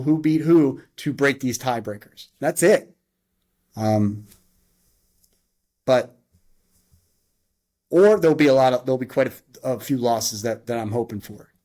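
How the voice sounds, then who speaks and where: A man's voice: mid-range voice, brisk, long pauses, darkish tone. A man hosting a casual wrestling review, running through the matches move by move, with frequent restarts and side tangents. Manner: rambling, with frequent restarts and asides; rattles off move-by-move calls in bursts.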